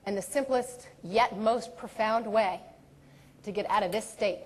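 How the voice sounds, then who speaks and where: A woman in her forties giving a humorous keynote speech on stage, animated and theatrical, with quick bursts and dramatic pauses. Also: medium pitch. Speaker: keynote speaker and performer. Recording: long reverb of a large hall.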